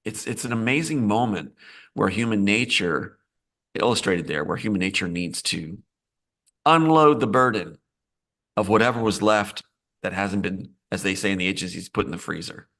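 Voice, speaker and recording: A man's voice: lowish voice, animated, normal speed, a bit bright. A man being interviewed as a screenwriter, talking in a meandering way, often restarting and repeating phrases. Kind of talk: live interview, casual talk.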